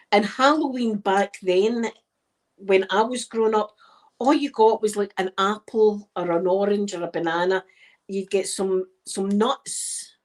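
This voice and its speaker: A Scottish woman in her fifties chats in a soft ASMR voice as she knits. Her talk wanders from thought to thought like an easygoing storyteller, and her pitch sits in an ordinary middle range for a woman. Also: rough recording. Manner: rambling, chatty storyteller. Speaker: ASMR creator. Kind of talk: soft-spoken ASMR chat while knitting.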